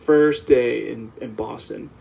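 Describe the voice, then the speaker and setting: A man from the American South, a guest on a podcast, telling animated stories in casual chat. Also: medium pitch, takes it slowly, creaky. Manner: animated storyteller, laughs while telling anecdotes. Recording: slightly dull, lo-fi sound.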